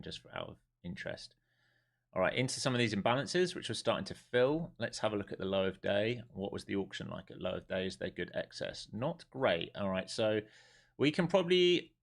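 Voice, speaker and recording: A man with a lowish voice talks through his trades on a live stream and keeps firing off questions that he answers himself. He is blunt and wound up and swears freely as he talks. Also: vocal fry, a bit bright. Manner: wound up and emphatic. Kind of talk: live trading stream commentary.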